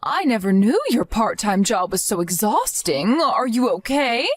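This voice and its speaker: A woman's voice: on the high side, sing-song, measured pace, dry recording. A woman voicing a protective, stern grandmother who demands answers and scolds firmly in a dramatized story. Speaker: narrator and grandmother.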